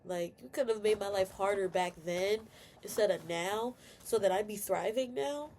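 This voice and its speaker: A woman's voice: mid-range voice, normal speed, a little mellow, a little hiss or hum. A young woman venting candidly in a personal video rant, full of fillers and swearing, tearful at times. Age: young adult. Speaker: vlogger.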